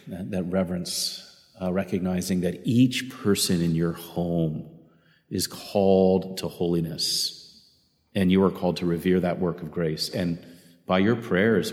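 Male preacher, low voice, earnest sermon delivery with frequent restarts, long church reverb. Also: fairly even intonation, normal speed, darkish tone. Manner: earnest, self-correcting with repeated restarts.

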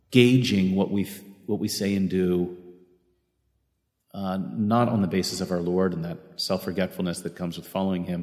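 A man's voice: sits low, long reverb tail. A man preaching a sermon to a group of brothers, earnest, often restarting his phrases. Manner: earnest, self-correcting with repeated restarts.

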